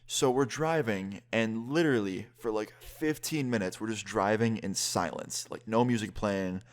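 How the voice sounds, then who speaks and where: A young man casually telling a personal story as a vlogger, lively and quick, with some swearing. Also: fairly low pitch. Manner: lively, fast-paced retelling with swearing.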